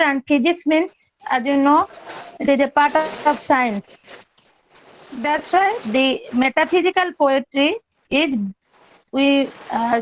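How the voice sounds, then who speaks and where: A high-pitched woman delivers an online lecture in a measured, explanatory way, circling back over key terms. The audio is dull and lo-fi, like a video call, with a faint hiss underneath.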